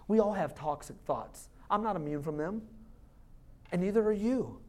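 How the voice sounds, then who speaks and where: Man, pastor, lively sermon, playful voices, laughs along. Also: high voice. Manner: animated, jokey preaching with playful voices and laughs.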